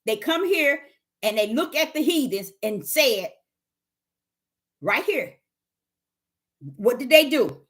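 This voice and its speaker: A woman's voice: high-pitched, animated, takes it slowly, pauses often, a bit bright. A woman teaching the Bible on a livestream, emphatic and repetitive, firing rhetorical questions at her chat.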